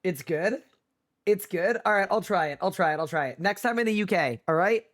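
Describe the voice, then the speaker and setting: A man's voice: high-pitched, expressive, fast, a bit bright. Playful male game streamer. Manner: playful, incredulous banter. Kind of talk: casual livestream chat with viewers.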